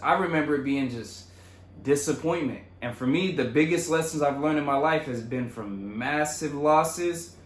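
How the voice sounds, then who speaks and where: A young man casually retelling his own story in a loose, profane, animated way. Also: medium pitch, reverberant. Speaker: vlogger.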